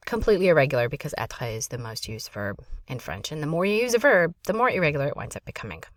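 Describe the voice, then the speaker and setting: A woman French teacher giving a quick, chatty grammar lesson, with frequent fillers while she explains. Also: deep voice, fairly bright tone, no echo, studio quality. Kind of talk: recorded language lesson. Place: small closet at home.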